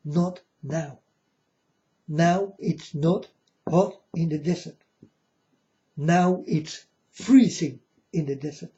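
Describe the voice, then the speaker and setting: Man, rambling preachy monologue, slightly high voice, muffled lo-fi sound. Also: dark tone. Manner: slow, repetitive, preachy, addresses viewers as folks. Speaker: self-styled prophet. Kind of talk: rambling religious monologue to viewers. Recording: dull lo-fi sound.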